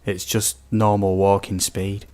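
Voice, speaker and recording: A young British man with a fairly low voice talks through a late-night game stream. He rambles in a loose, casual way, reading out viewer messages and padding his speech with ums. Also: level tone, a little slow, darkish tone. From United Kingdom. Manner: rambling, reads out viewer comments with many ums. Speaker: gaming streamer. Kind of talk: casual live-stream chat.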